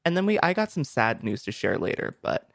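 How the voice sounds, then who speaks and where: A young man hosts a casual gaming podcast in a joking, playful way. His voice sits at a middle pitch. It comes through crisp and dry from a compressed streaming mic. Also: very animated, a little fast, fairly bright tone, no echo. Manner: jokey, playful, tries out sound effects. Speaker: podcast host.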